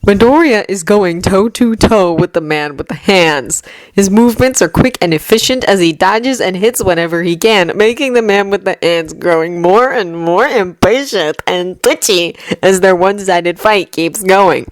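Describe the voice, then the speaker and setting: A woman narrating a fanfiction audiobook with steady, measured storytelling. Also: mid-range voice, no room sound. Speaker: fanfiction reader.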